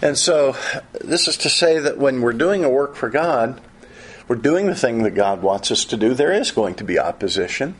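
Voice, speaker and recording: A middle-aged man preaching a sermon in an animated way, often repeating and restarting his phrases. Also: mid-range voice, moderate pace, breathy edge.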